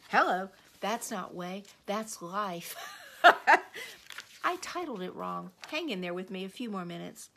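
Woman, slow devotional talk, earnest, hushed at times, mid-pitched. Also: animated, gravelly, slight background noise. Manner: earnest, unhurried, often sinks to a hush. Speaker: spiritual director and poet. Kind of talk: devotional teaching with spoken prayer.

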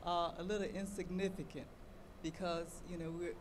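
A woman in the audience asks her question haltingly, stopping on fillers as she feels for the words. Clear background noise runs under her voice. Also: fairly low pitch, flat delivery. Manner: hesitant, with many fillers. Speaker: audience member asking a question.

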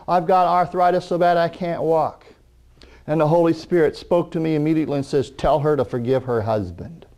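A middle-aged man preaching a sermon, animated, acting out the people in his stories. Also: muffled recording. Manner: animated, acting out quoted people in raised pitch.

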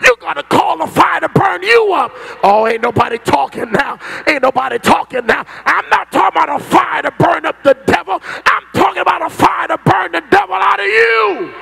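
A hoarse man preaching a fiery sermon in a church, shouting in a rising, chanting cadence. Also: extremely high pitch, expressive, moderate pace, few pauses. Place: large church sanctuary.

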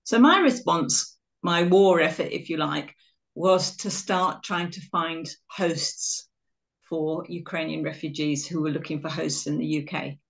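A woman's voice: low voice, a little slow. A middle-aged woman from England giving a webinar talk with slides, telling stories in a chatty, self-deprecating way over a video call. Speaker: guest speaker.

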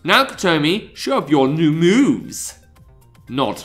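Man, let's play host, very animated high voice, game music faint behind. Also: slow. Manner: swings between reading lines aloud and joking asides, laughs often. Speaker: let's play host reading a visual novel aloud. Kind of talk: casual let's play commentary with read-aloud voices.

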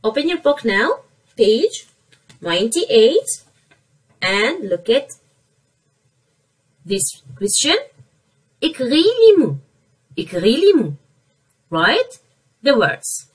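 A woman teaching an online French vocabulary lesson to young children, repeating each word slowly to drill pronunciation. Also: on the high side, big pitch swings, breathy edge, far from the mic, poor audio.

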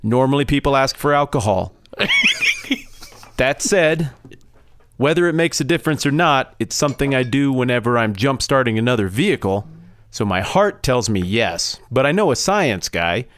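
A man's voice: medium pitch, expressive, normal speed, fairly bright tone, pitched above the performer's own voice, lightly acted. A man voicing a jovial middle-aged tavern barkeep with hearty, old-fashioned courtesy.

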